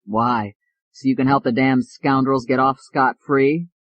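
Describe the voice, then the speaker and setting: A narrator voicing a brisk, gruff older male doctor who talks bluntly. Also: medium pitch, fairly even intonation, no room sound, highs cut off, natural voice. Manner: curt, blunt.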